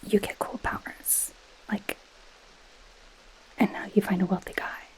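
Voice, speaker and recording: A woman's voice: medium pitch, flat delivery, a little slow, darkish tone, rough recording. A woman in a whispered role-play as a possessive goth girl friend, reading a book aloud and mocking it with dry sarcasm. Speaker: ASMR creator.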